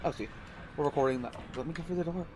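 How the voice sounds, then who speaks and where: A man talks at a brisk clip over voice chat while he plays, his voice a little high for a man. He jokes and rambles through long stories with his friends. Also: warm tone, a little hiss or hum. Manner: jokey, rambling storyteller. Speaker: gamer chatting while playing. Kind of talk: casual voice chat.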